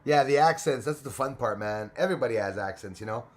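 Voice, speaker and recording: A man's voice: medium pitch, expressive, quick pace. A man from Canada hosting a casual livestream, chatty, thanking viewers by name and laughing often. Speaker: livestream host.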